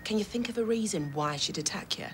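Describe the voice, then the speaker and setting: An actress playing a formal, probing police interviewer in a TV soap drama. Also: female voice, mid-range voice, animated, quick pace, fairly bright tone, slight background noise, natural voice.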